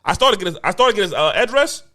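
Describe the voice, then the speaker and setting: A man's voice: high-pitched, racing. A man, co-hosting a podcast, telling a story in casual, profane chat and acting out the quotes. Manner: animated, profane, acts out quotes. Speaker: podcast co-host.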